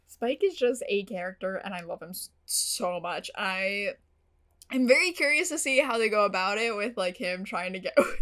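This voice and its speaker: A young woman host giving a casual, gushing episode recap, giggling, swearing freely and jumping up in pitch when excited. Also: normal speed. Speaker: reaction channel host.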